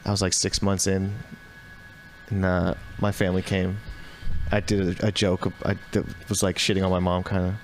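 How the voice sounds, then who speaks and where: A man's voice: sits low, little pitch movement, moderate pace, slight background noise. A man appearing as a stand-up comedian guest, telling loose anecdotes in casual podcast chat and laughing as he goes.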